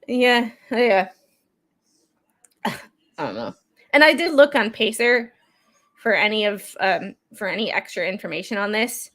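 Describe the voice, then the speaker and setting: Speaking a little slowly with frequent pauses, a woman with a medium-pitched, fairly bright and very animated voice reads court documents for her true crime stream. Her delivery is chatty and full of digressions, and she coughs now and then while getting over a cold.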